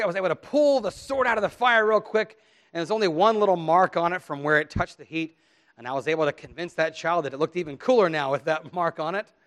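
A man's voice: a little high, fairly bright tone. A middle-aged man, a pastor, reading scripture solemnly and then telling a story to children with many questions.

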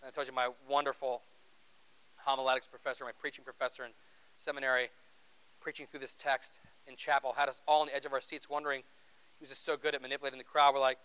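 A man's voice: mid-range voice, little pitch movement, quick pace, a bit bright, smooth, low-quality recording. A man preaching a sermon in an earnest, conversational way, asking the congregation rhetorical questions. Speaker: pastor.

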